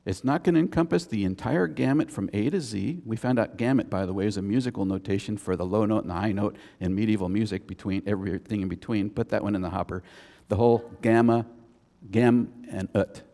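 Man, pastor, sermon, gravelly voice, chatty asides, long church reverb. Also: on the low side, a little fast, dark tone. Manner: conversational preaching with chatty asides.

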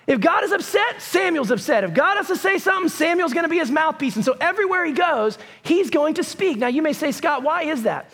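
A man preaching a sermon, telling the story in a lively, conversational way with bursts of raised voice. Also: very high-pitched, fast talker, hardly any pauses. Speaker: pastor.

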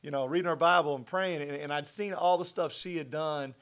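A middle-aged man telling a personal faith story as a guest in conversation, earnest and animated. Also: fairly high pitch, brisk. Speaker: guest sharing his testimony.

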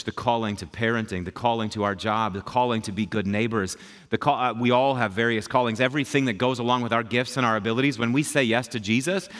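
Bright-voiced man preaching a sermon. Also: medium pitch. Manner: conversational, emphatic preaching with repetition. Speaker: pastor.

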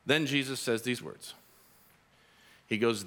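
A man preaching a sermon as pastor, telling a parable in an animated, storytelling way in a church. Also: mid-range voice, moderate pace. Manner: animated storytelling, acts out characters.

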